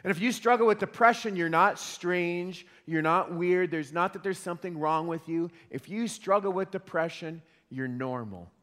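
Guy preaching a sermon, kinda high voice, stumbles over repeated words, big echoey church. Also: normal speed, few pauses, a bit bright. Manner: earnest, repeats words when starting phrases. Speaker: pastor. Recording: long hall reverb.

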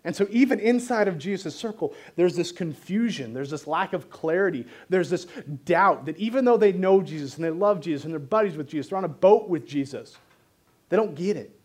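A man preaching a sermon, reading scripture and explaining it in an animated, joking style. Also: high-pitched, fairly quick.

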